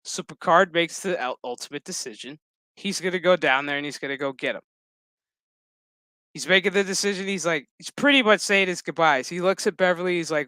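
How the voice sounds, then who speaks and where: A man's voice: a little high, a little fast, bright, forceful tone, clear, resonant tone, dry recording. A man giving a casual, profanity-laced spoken review of a TV series, chatty and laughing often. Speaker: show reviewer.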